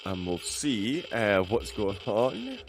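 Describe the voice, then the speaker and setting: A man's voice: lowish voice, huge pitch swings, slow pace, heavy background noise. A man commentating a sim racing event live, chatting and joking with a guest between race updates. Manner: chatty, jokey, banter-filled.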